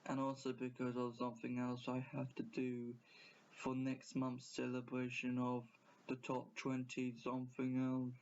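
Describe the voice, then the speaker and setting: A man doing an impression of a flat, robotic-sounding male countdown narrator. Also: mid-range voice, measured pace, lightly acted. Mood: announcing. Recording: dull lo-fi recording.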